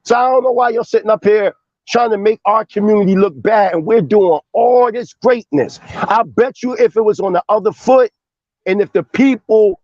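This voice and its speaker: A man's voice: high voice, moderate pace, darkish tone, no echo, muffled recording. A man making his case in a heated online debate, confrontational and emphatic, with frequent swearing.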